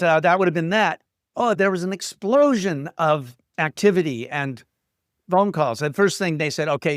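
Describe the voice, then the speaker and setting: A middle-aged man from Canada telling stories as an interview guest, self-deprecating and lively when quoting others. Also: a little high, smooth, no echo, clean studio sound. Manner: self-deprecating, animated retelling of quotes. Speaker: guest screenwriter. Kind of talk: casual interview storytelling.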